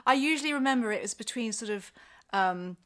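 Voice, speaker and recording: A guest author in middle age spins lively stories during a casual conversation, breaking into laughter and starting over many times. Her pitch is fairly high and she talks a little fast.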